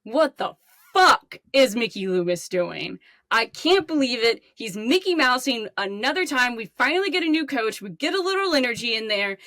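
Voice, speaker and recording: A woman's voice: high voice, fairly bright tone, no echo, pitched above the performer's own voice. A woman playing a furious fan calling in to a sports radio show, ranting and swearing.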